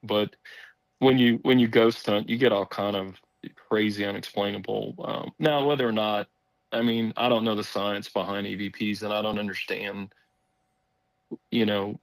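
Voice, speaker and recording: A man telling a story on a podcast in casual chat, rambling and animated, acting out the voices of people he quotes. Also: on the low side, dry recording, poor audio.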